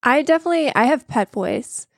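A woman's voice: high-pitched, lively intonation, brisk, creaky, dry recording, clean studio sound. A woman co-hosting a casual gaming podcast, chatty and candid, often laughing at herself. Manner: chatty, self-deprecating, candid. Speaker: podcast co-host. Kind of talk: casual chat.

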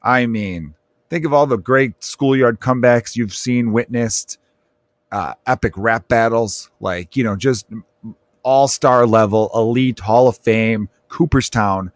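A man who is a comedian hosting his own podcast, telling stories in an animated, profane way with frequent laughter. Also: medium pitch, a little slow, dry recording. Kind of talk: casual comedic podcast monologue.

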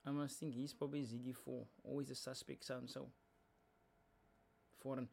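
A man's voice: mid-range voice, level tone, normal speed, gravelly, darkish tone. A young South African man hosting a reaction video, chatting casually and explaining lyrics as he goes. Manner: chatty, explaining lyrics, code-switching slang.

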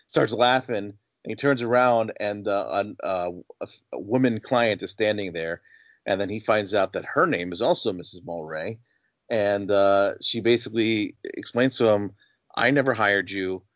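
A low-pitched man talks through movie scenes as a podcast co-host, conversational and analytical. His voice is dry and close, with no room around it. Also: normal speed, no echo. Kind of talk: casual film discussion.

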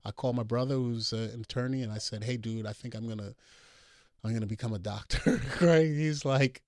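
Middle-aged man, doctor guest, lively storyteller, dry close mic. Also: fairly low pitch, fairly quick, no room sound. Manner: animated storyteller acting out quoted dialogue. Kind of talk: storytelling on a call-in show.

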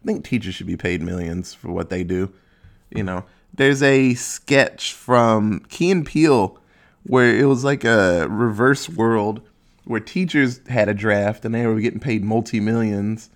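A young man hosting a casual solo podcast, rambling and swearing, joking at his own expense and dropping into quick silly voices. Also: on the low side. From Ohio, USA. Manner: rambling, profane, self-mocking, acts out quick silly voices. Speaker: podcast host.

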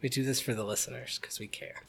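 A man's voice: mid-range voice, fairly even intonation, fast, gravelly, breathy edge. Man, thirties, podcast co-host, casual chat, rambling, self-correcting, joking.

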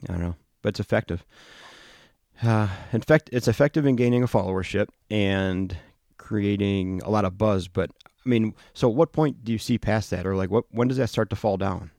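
A man's voice: fairly low pitch, normal speed, gravelly, darkish tone, no room sound, studio quality. A man hosting a podcast, chatting casually and telling stories with plenty of fillers and restarts. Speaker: podcast host, firefighter and lieutenant.

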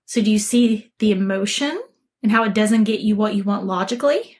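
A woman with a medium-pitched voice speaks at a normal pace in a motivational talk to camera. She coaches her listeners earnestly and emphatically, acting out the quoted voices of other people.

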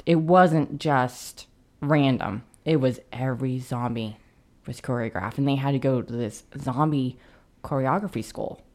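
A woman's voice: low-pitched, darkish tone. A woman co-hosting a casual film podcast, hesitant, with many fillers and restarts, often reading quotes aloud. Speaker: podcast co-host.

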